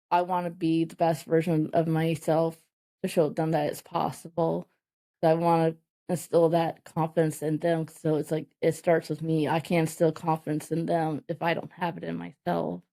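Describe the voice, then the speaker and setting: A woman in her thirties with a lowish, mellow voice. She talks candidly as a podcast guest, halting often and restarting her sentences, with plenty of filler words. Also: vocal fry. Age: 30s. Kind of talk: candid conversational interview.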